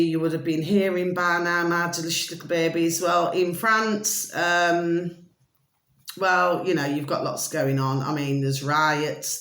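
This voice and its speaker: This Birmingham-accented vlogger talks casually to her audience on camera, wandering from point to point and sprinkling in fillers and terms of endearment. She has a deep voice, and the recording is reverberant.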